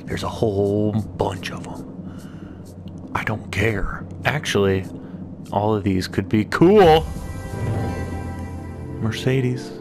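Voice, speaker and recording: A man giving casual gameplay commentary as a gaming channel host, excitable and swearing, swinging from muttered whispers to loud whoops. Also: fairly low pitch, takes it slowly, pauses often. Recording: voice over loud game music. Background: game music.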